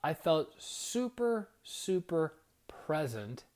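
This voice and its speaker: A man's voice: a little high, very animated, very slow, a little mellow. A man and spiritual coach telling a casual, rambling story about his meditation practice, reflective, with frequent fillers and asides.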